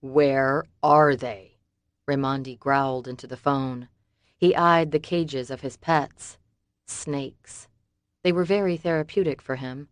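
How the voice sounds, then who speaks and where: Low-voiced woman reading a thriller. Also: unhurried, clean tone, no echo, clean studio sound. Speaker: audiobook narrator. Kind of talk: scripted narration.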